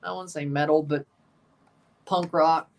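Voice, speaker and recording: A man hosting a livestream watchalong, giving excitable play-by-play of a soccer match between chatty replies to his viewers. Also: a little high, a little slow, vocal fry, far from the mic. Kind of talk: casual watchalong commentary.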